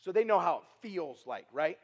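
A man preaching a sermon to camp staff, animated, repeating and restarting words and throwing questions at his listeners. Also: high voice, moderate pace, highs cut off. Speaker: traveling preacher. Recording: long hall reverb.

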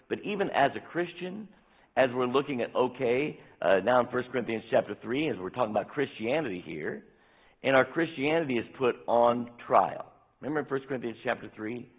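A pastor in his sixties preaching a sermon, earnest and emphatic, slowing down when he reads scripture. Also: medium pitch, breathy edge. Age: 60s. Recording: tinny phone-like sound.

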